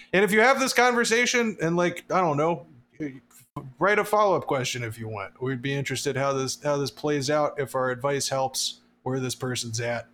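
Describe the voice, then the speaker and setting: A man's voice: mid-range voice, a bit bright, a little hiss or hum. A man hosting a podcast in casual chat, joking, laughing and swearing loosely. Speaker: podcast host.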